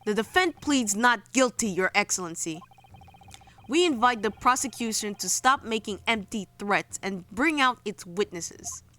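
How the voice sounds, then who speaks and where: A woman's voice: mid-range voice, animated, measured pace, bright, forceful tone. A woman voicing an earnest young male defense lawyer who pleads with determination. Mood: determined.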